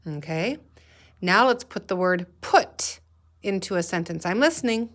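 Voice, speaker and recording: A woman's voice: on the low side, animated, measured pace, a bit bright. A woman teacher leading a guided reading lesson for young children, patiently sounding out letters and words.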